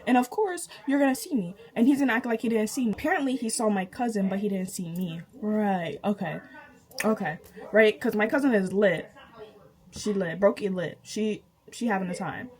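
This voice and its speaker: A young woman, casually telling a storytime to her channel, animated and chatty, laughing often and jumping high in pitch with disbelief. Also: normal speed, low-quality recording. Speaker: vlogger.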